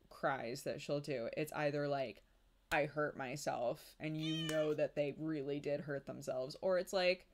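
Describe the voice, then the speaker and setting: A woman's voice: sits low, a little mellow, slight background noise. A young woman streaming, chatting casually with her audience, laughing often and mimicking babies' cries.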